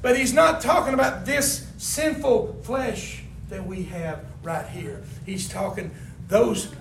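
A man preaching a sermon and reading scripture aloud. He asks the congregation to fill in words and swings between loud emphasis and quiet asides. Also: high-pitched, takes it slowly, creaky. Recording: roomy, distant mic, faint background noise.

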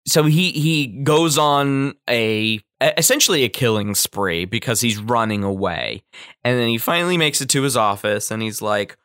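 A man's voice: on the low side, expressive, normal speed, sharp tone, dry recording, studio quality. A man casually analyzing a film, loose and filler-heavy, often acting out the characters he quotes. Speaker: film commentator.

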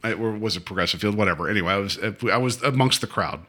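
A man's voice: fairly low pitch, quick pace, bright, forceful tone. A man co-hosting a podcast, tipsy from drinking, rambling through a story with lots of fillers and self-corrections. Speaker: podcast co-host. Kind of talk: casual chat.

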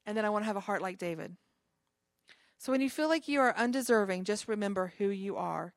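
A woman's voice: medium pitch, brisk, dry recording, clean studio sound. A woman pastor giving an informal sermon to a small group, talking conversationally with chatty asides between scripture readings.

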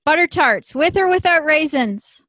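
A woman co-hosting a podcast, upbeat and quick to laugh as she runs a question round. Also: high-pitched, expressive, a bit bright, no echo, clean studio sound. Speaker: podcast co-host. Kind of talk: casual interview chat.

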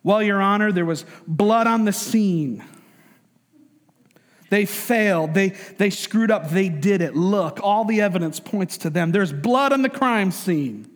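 A man's voice: high-pitched, animated, unhurried. Guy putting on a slick southern prosecutor devil, savannah drawl, all showy and pompous, big hall echo. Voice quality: drawling, showy courtroom delivery.

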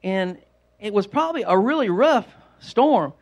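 His voice sits high and a little mellow, expressive but unhurried, and the recording has its highs cut off. Preaching a conversational sermon, this man rambles through homespun stories, circling back to repeat himself.

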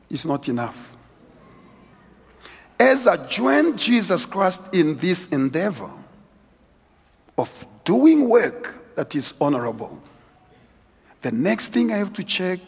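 Husky middle-aged male preacher, sermon in a reverberant church hall, lively swings between murmur and shout. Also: takes it slowly, long pauses. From South Africa. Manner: animated, shifts from low asides to shouted exhortation. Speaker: guest preacher.

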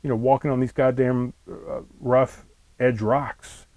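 A grumpy female dog complaining through a hard mountain hike, as her owner puts her on. She gripes and curses at every hill and rock in a middle-pitched voice. It sounds close and dry, with no room sound. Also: fairly even intonation, unhurried, a little mellow, no room sound, lightly acted. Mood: griping. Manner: griping, cursing.

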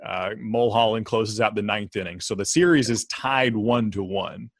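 Measured male interviewer in a dry room. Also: fairly low pitch, no room sound. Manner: detailed, measured questions. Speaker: interviewer, host. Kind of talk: sports interview.

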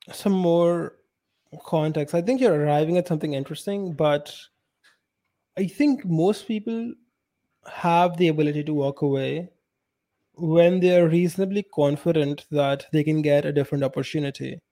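A man talks bluntly on a casual podcast, and his voice sits a little high. The tone is soft and mellow rather than bright. He gives his opinions without softening them. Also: normal speed. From India. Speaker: podcast co-host. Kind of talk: casual chat.

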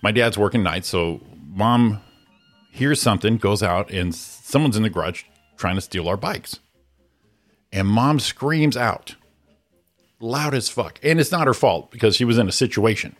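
A middle-aged man co-hosting a morning show, telling stories in casual chat and shouting out the voices of people in them. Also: fairly low pitch, unhurried, soft background music. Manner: animated storyteller, shouts out quoted voices.

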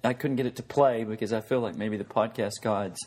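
A man's voice: lowish voice, fairly even intonation, a little fast, a little mellow. A man co-hosting a podcast in casual banter, teasing his partner dryly. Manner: dry teasing. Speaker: podcast co-host.

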